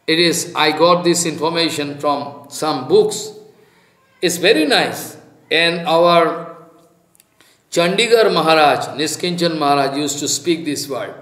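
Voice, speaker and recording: Slow preacher in an echoing room. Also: male voice, fairly high pitch. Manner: slow, halting, animated storytelling with chanted Sanskrit verses. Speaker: spiritual teacher. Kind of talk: devotional sermon with storytelling. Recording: roomy echo.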